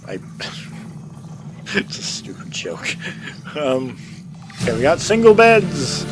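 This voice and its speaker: A man chatting through a game session, thinking aloud and laughing often. His voice swings widely in pitch as he reacts. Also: huge pitch swings, slow pace, pauses often, over music. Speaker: gamer. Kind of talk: let's play commentary.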